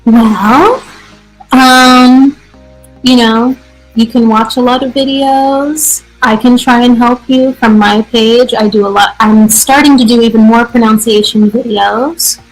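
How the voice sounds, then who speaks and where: A woman's voice: a little high, fairly even intonation, slow pace, soft background music, low-quality recording. A woman teacher hosting a live question-and-answer stream, chatty, upbeat and reassuring. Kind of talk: live casual Q&A.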